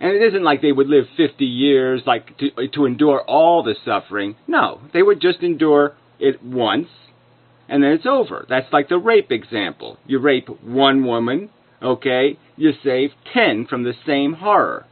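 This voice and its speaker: A man's voice: medium pitch, animated, measured pace. A man delivering an angry, profane rebuttal rant full of insults, as a video commentator. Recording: narrow phone-like lo-fi sound.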